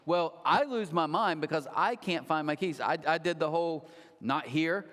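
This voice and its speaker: Guy in his 30s preaching, kinda high voice, acts out quotes, big church echo. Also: moderate pace. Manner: animated storytelling with acted-out quotes. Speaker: pastor. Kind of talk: sermon. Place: large church hall. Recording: long hall reverb.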